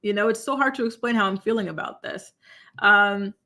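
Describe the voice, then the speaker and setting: A woman hosting a live commentary stream, talking in an animated, incredulous, exclamatory way and reacting to her chat. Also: medium pitch, a little fast. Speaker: commentary show host.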